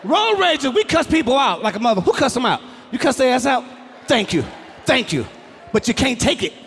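A man doing a stand-up comedy routine on stage before a live audience, loud and profane, yelling his punchlines. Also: very high-pitched, very animated, a little fast. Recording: live crowd, noisy hall.

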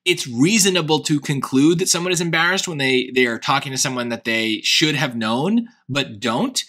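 Man, Long Island accent, tutor, thinking aloud, hesitant, bright tone. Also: mid-range voice. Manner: hesitant, self-questioning, many restarts. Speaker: SAT tutor. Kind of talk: thinking-aloud test prep lesson.

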